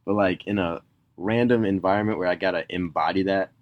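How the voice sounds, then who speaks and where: A man with a very low voice, talking in a laid-back, thinking-aloud way during a podcast chat. The sound is dry and a little dull, like a lo-fi mic. He speaks plainly and unhurried. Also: fairly even intonation, dry recording. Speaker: podcast co-host. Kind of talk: casual chat.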